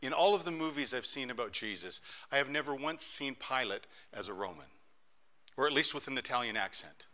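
A middle-aged man preaching a sermon as pastor, telling stories in an animated way that swings between soft and loud. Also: medium pitch, a little fast.

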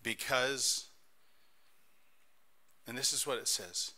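A middle-aged pastor preaches a sermon in a mid-range voice at a slow pace. He tells stories animatedly, swinging between soft and loud.

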